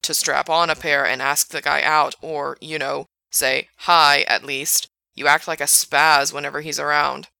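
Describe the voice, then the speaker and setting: A woman voicing a blunt young man who teases his friend in a deadpan, mocking way. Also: sits low, normal speed, creaky, dry recording, full character voice. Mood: teasing. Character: blunt teasing young man, laid-back buddy.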